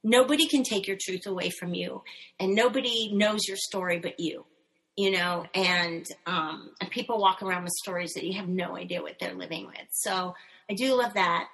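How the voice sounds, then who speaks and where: Middle-aged woman, bright forceful tone, animated storyteller on a casual panel. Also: fairly low pitch, normal speed, vocal fry, poor audio. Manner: animated, storytelling, laughs often. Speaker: panel guest, puppeteer.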